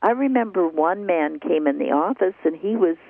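Gravelly older woman on tinny radio. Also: on the low side, animated, normal speed, dry recording. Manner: earnest, emphatic storyteller who repeats for stress. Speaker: herbal shop owner and radio show host. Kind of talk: call-in radio health talk. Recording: tinny phone-like radio line.

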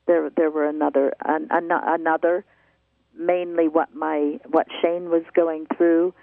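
A woman's voice: low-pitched, flat delivery, measured pace, vocal fry, no echo. An older woman hosting a call-in herbal health radio show, telling her story earnestly and repeating words for emphasis. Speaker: herbal shop owner and radio show host. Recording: tinny phone-like radio line.

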